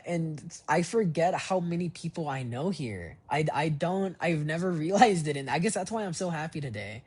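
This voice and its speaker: Husky-voiced man rambling in a voice memo. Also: a little high, a little mellow. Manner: rambling and reflective, with many fillers and restarts. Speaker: voice diary keeper. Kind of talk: personal voice memo diary. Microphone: phone voice memo.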